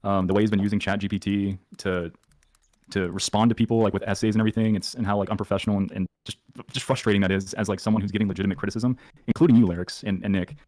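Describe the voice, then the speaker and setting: A man recounting a phone call at a rapid clip, rambling and full of fillers. His voice sits low. The sound is dry. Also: fairly even intonation, a little mellow, no room sound. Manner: rambling, fillers, quotes himself. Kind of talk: casual storytelling in a played clip.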